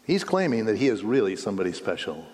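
Animated male preacher in a reverberant hall. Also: fairly low pitch, quick pace. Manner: animated storytelling with rhetorical questions. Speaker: pastor. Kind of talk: sermon.

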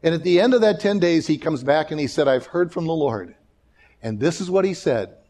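A pastor in full sermon mode, his somewhat high voice swinging between hushed warnings and loud, excited story beats. He acts out the people in his stories and often restarts his sentences. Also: fairly quick, gravelly. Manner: restarts and repeats words.

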